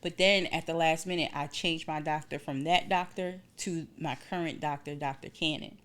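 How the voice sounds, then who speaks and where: Lively woman co-host telling a story. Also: deep voice, normal speed, clear, resonant tone. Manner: animated storytelling, acts out voices in quotes. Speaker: podcast co-host. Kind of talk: casual chat.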